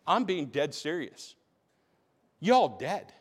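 A man's voice: fairly high pitch, a little slow. A man preaching a sermon as pastor, emphatic, repeating phrases for stress. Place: church.

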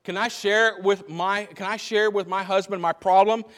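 A man voicing a timid young queen within his sermon, speaking in his own high voice. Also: steady tone, normal speed, fairly bright tone. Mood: hesitant.

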